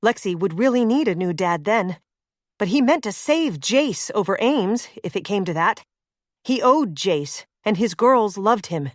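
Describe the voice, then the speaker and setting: A woman reading a suspense novel as audiobook narrator, in a steady, measured way. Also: medium pitch, no room sound, clean studio sound.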